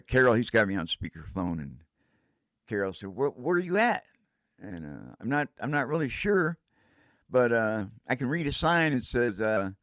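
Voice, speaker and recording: A man's voice: medium pitch, a bit bright, no room sound, studio quality. An older man telling a casual first-person story in a rambling way, breaking into vocal sound effects.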